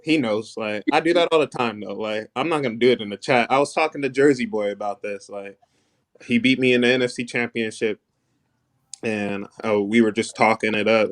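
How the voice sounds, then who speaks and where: A man guesting on a gaming talk show, soft-spoken and leaning on "like" as filler. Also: fairly low pitch, a little fast, no echo. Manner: soft-spoken, filler-heavy, says "like" a lot. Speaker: guest, league player. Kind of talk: casual chat.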